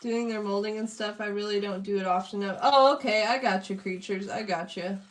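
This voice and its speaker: A woman's voice: medium pitch, fairly even intonation, fairly quick, faint music behind. A young woman chatting casually with her live-stream chat while she draws, greeting viewers and reading their comments. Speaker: streamer drawing requests.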